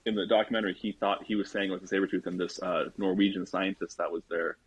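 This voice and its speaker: A man's voice: low-pitched, steady tone, quick pace, slightly rough, no echo. A man co-hosting a casual podcast, hesitant with lots of fillers. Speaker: podcast co-host. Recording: dull dry mic sound.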